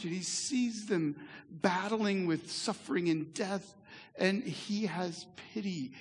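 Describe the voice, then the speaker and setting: A pastor giving a sermon in a church, earnest and conversational, with asides to the congregation. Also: male voice, high-pitched, slightly rough. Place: church sanctuary. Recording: echoey hall reverb.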